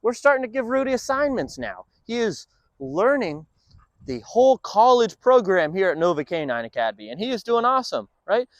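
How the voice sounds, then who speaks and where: A man's voice: high-pitched, sing-song, fairly quick, no echo, muffled recording. A man working as a dog trainer, explaining his training session in an upbeat way between short firm commands to a dog.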